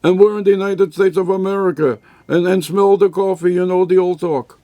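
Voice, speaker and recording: A man's voice: sits high, steady tone, fairly quick, warm tone, no echo, voice pushed up, close to an everyday voice. A man voicing a dismissive young boy who waves off old traditions, in a sermon story.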